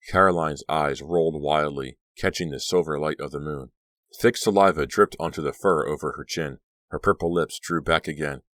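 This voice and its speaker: A man with an extremely deep voice narrates an audiobook in steady, measured scripted narration. The sound is very dry and close, with no room around it. His pacing stays even and unhurried. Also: no room sound.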